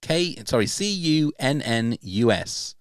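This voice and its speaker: A man hosting a podcast quiz in casual banter, teasing his guests, spelling words out slowly and laughing often. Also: medium pitch, very animated, dry recording, clean studio sound. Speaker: podcast host running a quiz.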